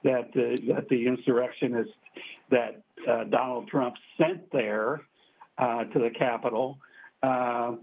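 Husky stammering man on a phone-like line. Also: medium pitch, steady tone, measured pace. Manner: hesitant, stammering restarts. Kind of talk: call-in radio talk.

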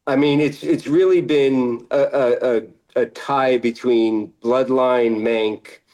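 A middle-aged man, an actor guest in a casual interview, relaxed and laughing often, sometimes trailing off mid-sentence. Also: mid-range voice, slow, poor audio.

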